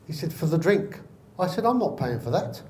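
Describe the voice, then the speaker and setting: A male comedian telling a stand-up anecdote, acting out the dialogue in a deadpan way. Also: on the high side, normal speed, a little hiss or hum. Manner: deadpan storyteller, acts out dialogue. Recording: echoey room.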